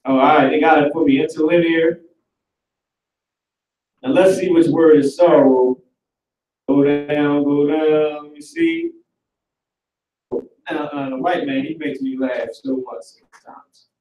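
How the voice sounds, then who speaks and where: Animated male teacher, echoey and distant. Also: on the high side, measured pace, pauses often, lo-fi sound. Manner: animated, talkative, works through the screen aloud. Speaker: Hebrew class teacher. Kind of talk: casual online class lecture. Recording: roomy recording from far off the mic.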